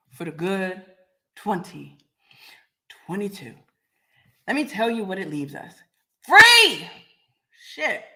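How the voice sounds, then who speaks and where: A woman hosting a live podcast, talking bluntly and confrontationally with heavy swearing. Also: mid-range voice. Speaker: podcast host.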